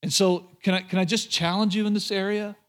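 A man preaching a sermon to a live congregation, lively and joking, with quick asides to the room. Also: high-pitched. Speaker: pastor. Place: church before a live congregation.

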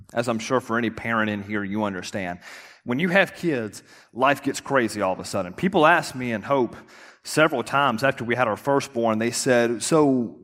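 Storytelling pastor in a reverberant hall. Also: male voice, mid-range voice. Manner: storytelling, animated, acts out quotes. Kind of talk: sermon. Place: church sanctuary.

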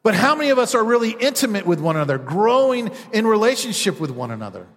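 A man's voice: high-pitched, sing-song, fast, fairly bright tone, in a large hall. A man preaching a sermon as a pastor, acting out quoted voices as he goes.

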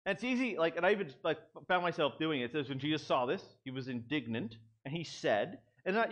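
Young male preacher, relaxed conversational sermon delivery, voice sits high and moves a lot. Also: fast, hardly any pauses, lo-fi sound. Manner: conversational, animated, self-deprecating asides. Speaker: pastor. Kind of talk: casual sermon.

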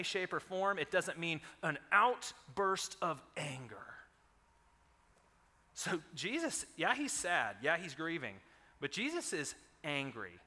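A man in his thirties preaching a sermon, telling stories with animated energy and rising loud on quoted lines. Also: on the high side, long reverb tail. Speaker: pastor.

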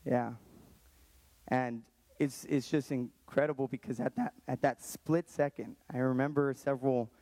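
A man in his thirties telling a personal story in an earnest, halting way, often restarting his sentences. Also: mid-range voice, fairly even intonation, mellow, no room sound. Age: 30s. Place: Texas, around Austin.

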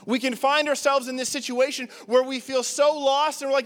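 A man's voice: extremely high pitch, fairly even intonation, fairly quick, a bit bright, big-room sound. A young man preaching a sermon, casual and joking, with lots of filler words. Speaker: pastor. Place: church hall.

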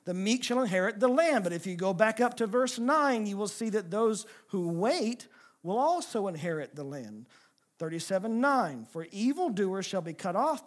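A man preaching a sermon, asking rhetorical questions and moving between emphatic and soft passages. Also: high-pitched. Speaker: pastor.

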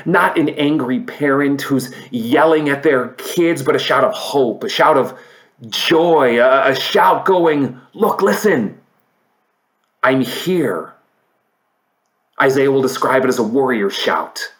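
A man preaching a sermon, reading scripture aloud and swinging from emphatic peaks to quiet, low stretches. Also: a little slow. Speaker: pastor.

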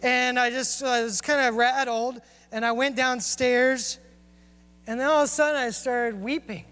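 Earnest preacher in a reverberant hall. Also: male voice, very high voice, fairly even intonation, normal speed, pushed and bright, clear, resonant tone. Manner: earnest, confessional, storytelling. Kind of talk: sermon.

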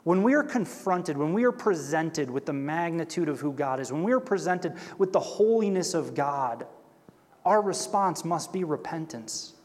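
A Bible teacher whose voice is a little high and a little mellow speaks at a moderate pace with lively intonation. He reads scripture aloud, explains it casually while often saying "right?", and changes his voice for quoted characters. The recording carries long hall reverb.

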